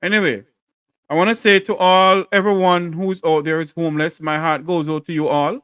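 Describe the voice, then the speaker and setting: A man's voice: a little high, level tone, normal speed, fairly bright tone, smooth, no echo. A man hosting a call-in talk show, speaking to his listeners in a direct, plain-spoken way.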